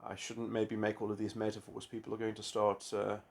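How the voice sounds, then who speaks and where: A man giving a rambling philosophical monologue, halting often and filling gaps with restarts. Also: on the low side, monotone, gravelly. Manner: halting, full of restarts and "you know". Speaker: video essayist.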